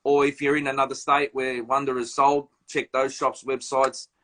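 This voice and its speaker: Speaking at a moderate pace and medium pitch, a host runs a casual live-stream chat via phone or laptop on a video call. His storytelling is animated and full of slang.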